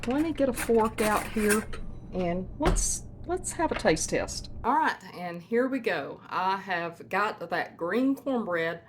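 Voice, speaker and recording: A woman's voice: mid-range voice, lively intonation, takes it slowly, background noise. A woman hosting a homestead cooking vlog from her kitchen, chatting to viewers in a folksy way. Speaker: homestead cooking channel host. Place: home kitchen.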